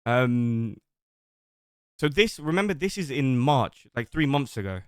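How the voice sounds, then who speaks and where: Reading screenshots of old messages aloud on a livestream, this streamer rambles at length and gets defensive. His mid-range voice is sing-song, clear, and resonant at a measured pace, captured in clean studio sound without echo.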